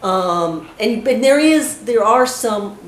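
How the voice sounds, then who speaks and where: A woman's voice: on the high side, expressive, slow pace. A woman professor asking a long, thoughtful question from the audience, with frequent restarts. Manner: thoughtful, hesitant, with many restarts. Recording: echoey room with faint hiss.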